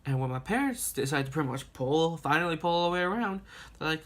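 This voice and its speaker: A man's voice: fairly high pitch, quick pace. Rambling young man telling a story. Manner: rambling and animated, laughing and cursing at his own story. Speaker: vlogger. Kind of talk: casual storytime vlog.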